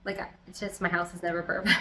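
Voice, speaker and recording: A woman chatting casually as a plant vlogger, talking loudly, giggling, swearing and talking to her plants at home. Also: lowish voice, level tone, fast. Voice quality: loud, close to yelling. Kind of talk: casual chat. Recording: echoey room with faint background noise.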